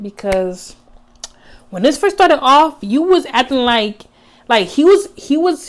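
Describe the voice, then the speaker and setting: Chatty young woman vlogger. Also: medium pitch. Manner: chatty, heavy use of "like" and slang, addresses viewers as y'all. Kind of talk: casual storytime monologue.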